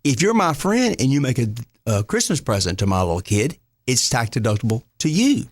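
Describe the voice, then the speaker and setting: A middle-aged man talks as an interview guest, his pitch rising and falling lively as he lays things out step by step. His manner is folksy and plain-spoken, with quick self-corrections along the way. The sound is dry and close, with no room ring. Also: no echo. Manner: folksy, plain-spoken explainer who corrects himself mid-sentence. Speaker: state treasurer, interview guest. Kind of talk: explanatory interview talk.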